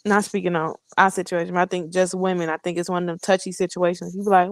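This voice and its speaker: A woman's voice: lowish voice, little pitch movement, quick pace, hardly any pauses, no room sound. A woman co-hosting a podcast, talking frankly and with measure in casual chat. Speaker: podcast co-host.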